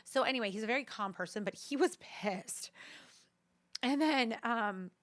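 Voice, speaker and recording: A woman's voice: a little high, moderate pace. A woman hosting her own podcast, telling a story in a casual monologue, full of "like" fillers and restarts, talking straight to her listeners. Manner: talks straight to listeners as "you guys". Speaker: podcast host.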